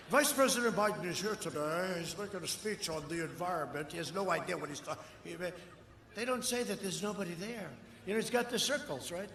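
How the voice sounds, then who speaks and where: An older man speaking at a campaign rally, rambling and boastful, swinging between shouted lines and muttered asides. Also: on the high side. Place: outdoor rally. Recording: echoey outdoor rally with long reverb and faint crowd noise.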